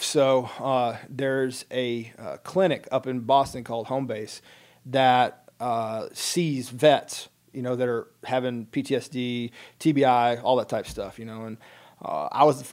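A man's voice: mid-range voice, darkish tone. A middle-aged man, a military veteran, telling a personal story in a casual podcast chat, wry and plain-spoken, acting out the dialogue.

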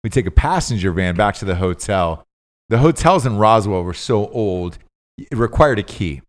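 A man chatting on a podcast, starting a story in a relaxed manner. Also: fairly low pitch, moderate pace. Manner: relaxed storytelling, chimes in with short replies. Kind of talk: casual chat.

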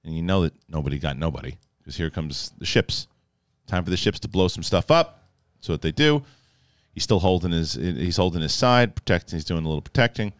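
A man with a low voice breaks down a TV episode in loose, casual talk. He is animated and jokey, slipping into quick impressions of the characters. The sound is close and dry. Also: no room sound. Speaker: film and TV reviewer. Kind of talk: casual spoken episode review.

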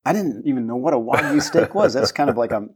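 A man hosting a podcast in relaxed conversation. He tells stories loosely, full of fillers and restarts. He keeps breaking into laughter. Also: medium pitch, fast, slightly rough. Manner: laughs often while telling stories; loose, rambling storytelling with fillers. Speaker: podcast host. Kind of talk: casual chat.

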